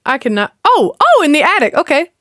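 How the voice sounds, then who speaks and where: A woman's voice: high-pitched, very animated, moderate pace, a bit bright, no echo, studio quality. A woman, chatting casually and talking back at a movie as she reacts to it. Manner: chatty, exclaiming, talks back to the screen. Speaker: reaction video host.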